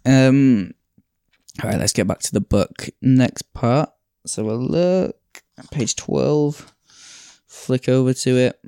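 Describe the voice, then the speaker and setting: A man's voice: medium pitch, takes it slowly, warm tone, smooth, no room sound, studio quality. A man hosting a podcast, telling a story in a reflective, casual way with frequent sighs and fillers. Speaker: podcast host. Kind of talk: casual storytelling and reading aloud.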